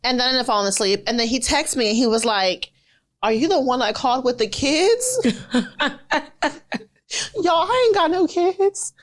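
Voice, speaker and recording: Young woman podcast cohost, loud animated storytelling, cussing a lot, kinda high voice. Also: moderate pace, long pauses. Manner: animated, swearing, laughing storyteller. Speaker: podcast co-host. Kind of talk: casual storytelling chat.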